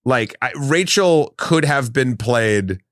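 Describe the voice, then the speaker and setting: A man co-hosting a film podcast, speaking in a laid-back, halting way. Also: medium pitch, expressive, no room sound, studio quality. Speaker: podcast co-host. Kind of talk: casual film discussion.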